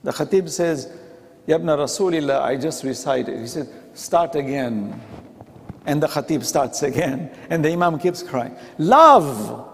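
A man gives a conversational sermon in a mosque, acting out the quoted dialogue as he goes. His voice is fairly high and a little mellow at a moderate pace, and the hall is reverberant.

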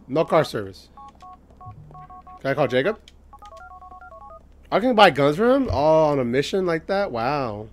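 A man casually commentating a video game playthrough, excitable and joking, swearing often and singing bits to himself. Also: a little high, unhurried, pauses often, a little hiss or hum. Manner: excitable, swearing, jokey, sings snippets. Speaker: gaming channel host. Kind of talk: let's play commentary.

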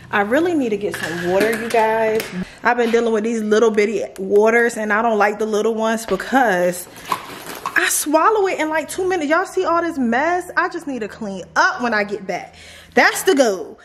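A woman's voice: on the high side, expressive, moderate pace, background noise. A woman, chatting casually to her viewers in a home vlog. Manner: chatty, talks straight to viewers with y'all. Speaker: vlogger, mother of young kids.

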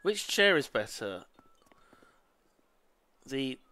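A man's voice: medium pitch, very animated, drawn-out words, bright, forceful tone, no room sound. A man streaming a game live, chatting casually, swearing freely and muttering apologies to himself.

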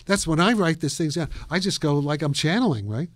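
Older man from new york, rambling animated interview stories, laughs a lot, dry room. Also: fairly high pitch, a little fast, no echo. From New York, USA. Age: around 80. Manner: animated, laughs often, trails off and restarts. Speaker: interview guest, physicist.

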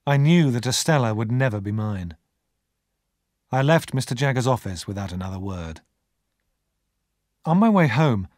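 Expressive male audiobook narrator. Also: medium pitch, no room sound, clean studio sound. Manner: expressive storytelling. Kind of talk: scripted narration.

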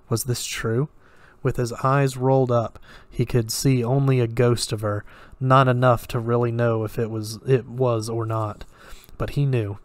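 Male story reader, steady even delivery, dry close sound, mid-range voice. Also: mid-range voice, unhurried, hardly any pauses, no room sound. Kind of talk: audiobook-style story reading.

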